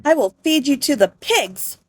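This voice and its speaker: Brief: woman doing a high, shrill, imperious queen who spits threats, for a game playthrough. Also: lively intonation, normal speed, darkish tone, no room sound, clean studio sound. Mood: furious.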